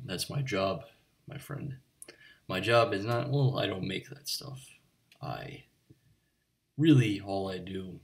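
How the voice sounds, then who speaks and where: A man's voice: low-pitched, gravelly, full character voice. A man playing a rambling eccentric bartender. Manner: rambling, digressive, chatty asides to the listener. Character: eccentric rambling male bartender, pedantic and digressive. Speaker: bartender character. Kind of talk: improvised comic monologue. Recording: voice a bit far from the mic.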